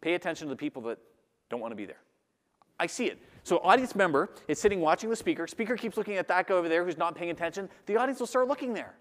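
A man giving a lively talk to a live audience, acting out the voices of the people he describes. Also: high voice, fast. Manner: animated, acts out audience voices. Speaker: public speaker. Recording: long hall reverb.

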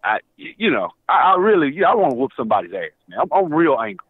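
A man's voice: fairly high pitch, very animated, fast talker, slightly rough, no room sound. Agitated man on a tinny phone line. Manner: agitated, stammering, repeats himself. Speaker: caller. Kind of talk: call-in show conversation. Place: Atlanta area.

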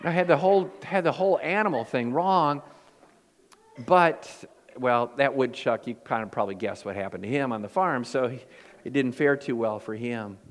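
A man's voice: mid-range voice, moderate pace. A man preaching a sermon as pastor. He tells homey stories with a folksy, self-deprecating humor. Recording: long hall reverb.

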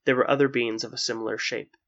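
Male narrator, mid pitch, even storybook reading, lo-fi muffled sound. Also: fast talker.

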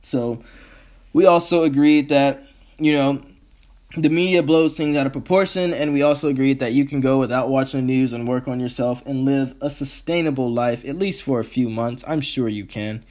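A man's voice: mid-range voice, fairly even intonation, normal speed, a little mellow. A man hosting his own podcast, ranting in a heated, profane, rambling way. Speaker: podcast host. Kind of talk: solo podcast rant.

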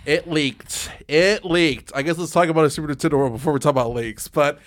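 A young man co-hosting a casual chat podcast, animated, laughing and swearing often. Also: a little high, brisk. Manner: animated, laughing, swearing, slips into exaggerated impressions. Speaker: podcast co-host.

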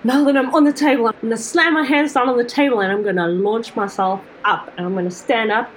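A woman with a fairly high voice plays in a tabletop game, talking in an animated, expressive way. A faint noise sits behind her. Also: quick pace, rough recording. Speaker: player. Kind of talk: casual tabletop role-play.

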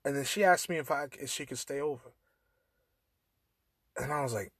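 A young man hosting a podcast, telling a profane, animated story in casual chat and acting out the dialogue. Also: medium pitch, brisk, long pauses, slightly rough, dry recording. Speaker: podcast host. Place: in a car.

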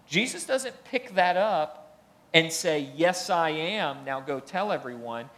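Man, sermon, somewhat high voice, conversational preaching, emphatic rises. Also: animated, slow pace, fairly bright tone. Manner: conversational preaching, rising emphasis on key points. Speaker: pastor.

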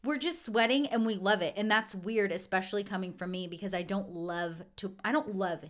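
Animated woman podcaster telling a story. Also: fairly quick. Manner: animated storyteller, acts out quotes in a high voice. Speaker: podcast co-host. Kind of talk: casual chat.

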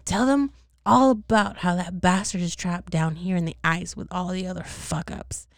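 A woman's voice: on the low side, fairly even intonation, moderate pace, gravelly, dry recording, studio quality. A woman voicing a defiant, foul-mouthed male traitor frozen in ice, spitting insults in a storybook reading. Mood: spiteful.

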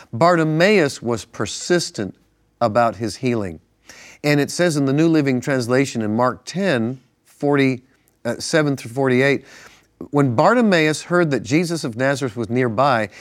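A man co-hosting a Christian broadcast, teaching from the Bible in an earnest, conversational way and reading verses with rising emphasis. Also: medium pitch. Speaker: pastor, co-host. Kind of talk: Bible teaching in casual studio chat.

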